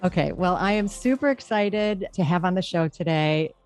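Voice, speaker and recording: A woman's voice: fairly low pitch, normal speed, darkish tone, soft background music. A woman hosting a podcast, introducing her guest in an effusive, rambling way with many restarts. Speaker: podcast host.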